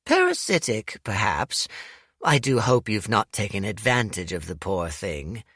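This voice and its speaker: A man's voice: very animated, a little slow, fairly bright tone, breathy edge, no echo, studio quality, full character voice. A male narrator voicing a shrewd, scolding old woman warlord in a raised, older-sounding voice, as an audiobook character. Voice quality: higher, scolding old-lady voice.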